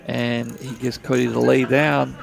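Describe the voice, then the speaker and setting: A man's voice: medium pitch, little pitch movement, unhurried, vocal fry, a crowd in the background. A middle-aged man from Delaware giving laid-back, chatty play-by-play commentary on a live poker broadcast.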